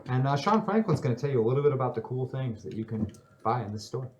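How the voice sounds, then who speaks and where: A man's voice: mid-range voice, lively intonation, fast, darkish tone, muffled recording, slight background noise. A man hosting a live-stream game, speaking playfully and straight to the viewers. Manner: playful, addressing viewers directly. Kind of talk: live-stream promo talk.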